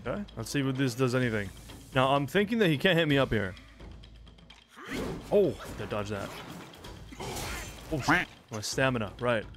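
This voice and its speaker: A young man casually commentating a game as he plays, excitable and swearing, with shouted reactions. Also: medium pitch, normal speed, pauses often. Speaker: gaming streamer. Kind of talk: let's play commentary. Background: game music.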